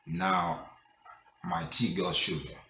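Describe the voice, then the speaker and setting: A man's voice: low voice, slow pace, sharp tone, echoey room, recorded from a distance, slight background noise, heavily acted. A man doing a sly wandering traveler. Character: weary male traveler, sly and quick-witted.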